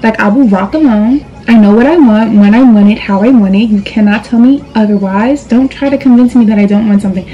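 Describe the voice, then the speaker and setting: A woman's voice: a little high, fairly quick, few pauses, muffled recording. A young woman from New York chatting casually through a makeup tutorial, sassy and direct, calling viewers girl and boo. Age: young adult. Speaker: beauty vlogger. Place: indoors at a vanity.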